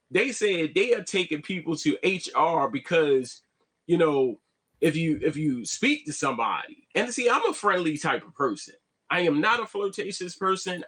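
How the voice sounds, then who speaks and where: A man talking, animated, often restarting and asking "you see what I'm saying". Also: a little high. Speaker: vlogger. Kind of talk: casual live-stream monologue.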